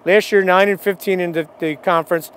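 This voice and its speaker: A man's voice: sits high, steady tone, a little fast, a bit bright, slight background noise. A man giving a conversational local baseball preview, reeling off players and records with frequent fillers. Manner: conversational, fact-heavy rundown with fillers. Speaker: sports analyst. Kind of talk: local radio sports preview.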